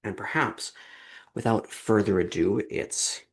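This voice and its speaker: A man's voice: fairly low pitch, unhurried. A man presenting an academic lecture at an online seminar over a video call, telling stories and acting out quoted lines. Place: online seminar from home or office.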